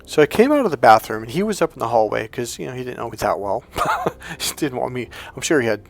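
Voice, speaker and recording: A man, a life coach and energy healer, telling a story in an animated way and acting out what people said. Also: medium pitch, quick pace, creaky, faint music behind. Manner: animated, acts out quoted voices with laughs. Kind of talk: storytelling monologue.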